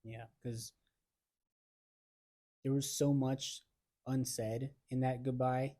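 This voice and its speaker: Young male podcast co-host, mellow tone, candid slangy storyteller. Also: mid-range voice, level tone, takes it slowly. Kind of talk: casual chat.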